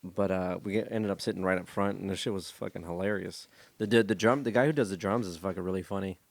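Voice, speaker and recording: A man's voice: deep voice, fast talker, vocal fry. A young man in a casual podcast chat, trading crude jokes and banter. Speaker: podcast co-host.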